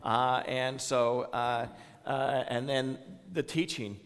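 Southern pastor in a reverberant church. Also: male voice, medium pitch, flat delivery, slow, a bit bright. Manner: conversational, many fillers, asks the congregation questions. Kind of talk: informal sermon to a congregation.

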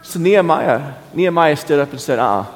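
Male pastor, fervent sermon delivery with repeated questions, higher voice, echoing church hall. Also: a little slow. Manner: impassioned, repeats rhetorical questions. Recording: reverberant hall.

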